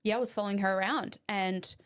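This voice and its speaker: A woman's voice: mid-range voice, quick pace, clear, resonant tone. A young woman hosting a podcast, telling a story animatedly, swearing freely and acting out the voices in it. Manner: animated, swearing, acts out voices in her stories. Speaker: podcast host. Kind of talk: casual storytelling chat.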